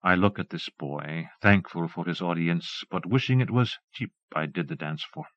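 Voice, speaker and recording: A man with a fairly low voice reads an audiobook in a calm, measured literary manner. The sound is dry and close, with no room around it. The dull, lo-fi tone of an old cassette transfer hangs over every word. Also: no echo. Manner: measured, even literary reading. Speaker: audiobook narrator. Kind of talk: scripted audiobook narration.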